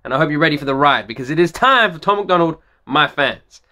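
A man hosting a reaction video, talking excitedly, repeating phrases and swearing freely. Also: fairly high pitch, fast talker.

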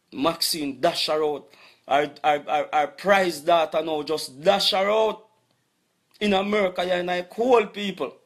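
A middle-aged man with a thick Jamaican Patois accent delivers an impassioned rant straight to his audience. His voice sits fairly high for a man, and he keeps circling back to the same phrases with heavy insistence. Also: a bit bright. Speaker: vlogger. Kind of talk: impassioned rant addressed to viewers.

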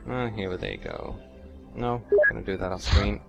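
A man's voice: wildly swooping pitch, normal speed, vocal fry, fairly bright tone, highs cut off, soft background music. A man commentating as he plays a strategy game, sarcastic and talking to himself. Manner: sarcastic, talks to himself, wild swings in pitch. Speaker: let's play host. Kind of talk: casual gameplay commentary.

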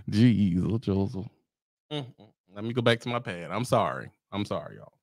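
A man's voice: fairly low pitch, very animated, slow, creaky, a little mellow, dry recording, clean studio sound. A man who drives trucks, ranting in a comic, profane, rambling way to his viewers. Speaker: trucker vlogger. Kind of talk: comic rant to camera.

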